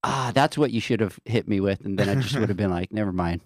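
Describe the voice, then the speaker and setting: A man's voice: lowish voice, quick pace, no room sound. A man hosting a podcast in a studio, teasing his guests and laughing often. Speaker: podcast host. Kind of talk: casual chat.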